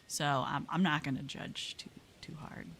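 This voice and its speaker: A young woman streaming live, chatting casually with viewers, bubbly and talkative with loud exclamations. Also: sits low, steady tone, measured pace, slight background noise. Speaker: VTuber streamer.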